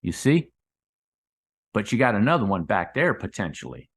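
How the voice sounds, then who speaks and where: A man with a lowish voice talks loosely over crypto price charts. He rambles from point to point and keeps calling his viewers "guys," letting his voice sink on those tag words. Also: big pitch swings, normal speed, husky. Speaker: crypto market analyst. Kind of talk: casual chart commentary.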